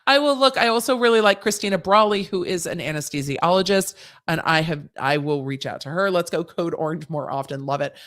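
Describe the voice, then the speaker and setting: A woman's voice: lowish voice, expressive, a little fast, fairly bright tone. A woman hosting a legal commentary livestream, answering viewer questions in a chatty, casual way with slangy, sassy asides. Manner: chatty, conversational, with frequent restarts and asides; breezy and sassy, mixing slang into legal talk.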